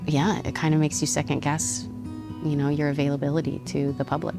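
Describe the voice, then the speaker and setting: A woman's voice: low-pitched, level tone, fairly quick, gravelly, music in the background. A middle-aged woman chatting casually as a guest over a meal, talking with many restarts and frequent laughs.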